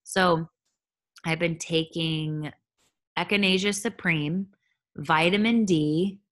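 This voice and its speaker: A woman's voice: on the low side, slow pace. A woman in her thirties, a holistic health coach, talking candidly and chattily on her own podcast. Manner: candid, chatty, animated asides. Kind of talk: solo podcast monologue.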